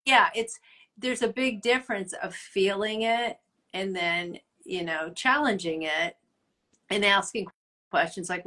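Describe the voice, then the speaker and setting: A woman's voice: fairly low pitch, bright, forceful tone. Middle-aged lady cohosting a faith chat, earnest and encouraging, laughs a lot. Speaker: podcast co-host.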